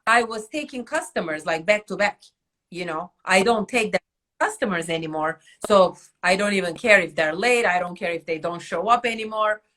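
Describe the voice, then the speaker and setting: A woman in the beauty trade chatting casually, telling a client story with lively acted-out dialogue. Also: medium pitch. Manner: animated, acts out quoted dialogue. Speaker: microblading artist and academy host.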